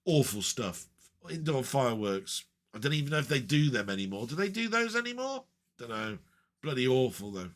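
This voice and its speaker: A man's voice: medium pitch, very animated, brisk, fairly bright tone. A man rambling in a casual, chatty way with frequent ums and asides as a retro gaming vlogger.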